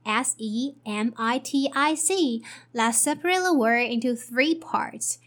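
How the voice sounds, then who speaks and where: Woman teaching english sounds, says every word twice, slow and careful. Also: a little high, fairly bright tone. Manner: spells letters and repeats each word twice.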